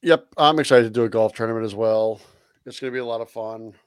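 A man co-hosting a casual podcast, low-key and matter-of-fact. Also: fast, clean tone, dry recording, studio quality. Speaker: podcast co-host. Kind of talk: casual chat.

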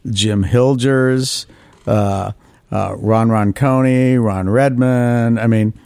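A man, an orthodontist guest on a podcast interview, telling lively stories and acting out what others said. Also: mid-range voice, slow pace, vocal fry, clear, resonant tone, dry recording. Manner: animated anecdotes, acts out quoted voices.

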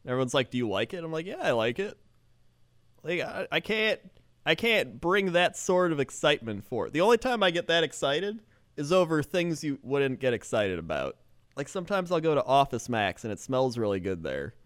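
A man's voice: on the high side, very animated, brisk, a bit bright, no room sound. A man chatting casually on a podcast with dry, understated humor.

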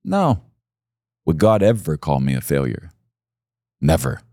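A man's voice: rumbling low, expressive, normal speed, dark tone, no echo, studio quality. A middle-aged male pastor preaching a sermon in an earnest, intimate way that swells to emphatic peaks.

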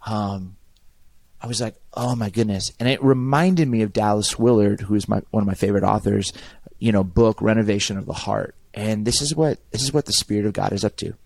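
A man's voice: on the low side, fairly quick, vocal fry, a little mellow, no room sound. A middle-aged man, a pastor, talking earnestly and reflectively in a podcast conversation, often repeating words as he thinks.

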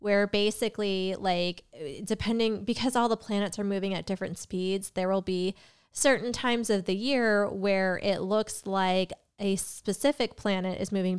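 With a very smooth, clear, medium-pitched voice, a young woman rambles chattily through her solo podcast. A tarot reader, she fills pauses, cuts herself off, and has a slight cough.

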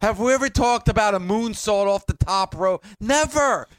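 A man's voice: sits high, moderate pace, clear, resonant tone, no echo. A man hosting a talk show, making emphatic points with rhetorical questions. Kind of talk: casual chat.

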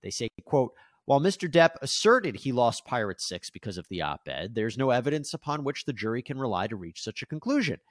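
A male legal news host with a mid-range voice that swings up and down with animated emphasis, walking through court filings and reading passages aloud. The sound is dry and close, with no room echo. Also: mid-range voice, brisk.

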